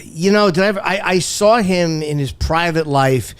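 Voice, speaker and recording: A man's voice: on the high side, moderate pace, clear, resonant tone. A middle-aged man, a veteran comedian guest on a podcast, telling rambling anecdotes with swearing. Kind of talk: casual chat.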